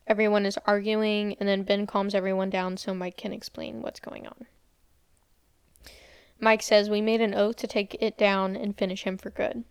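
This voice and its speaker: A young woman co-hosting a podcast recaps a movie in a casual way, acting out scenes, quoting characters and saying "like" constantly. Her mid-range voice stays fairly level in pitch, with a moderate pace and a clear, resonant tone. The recording is clean studio sound with no echo.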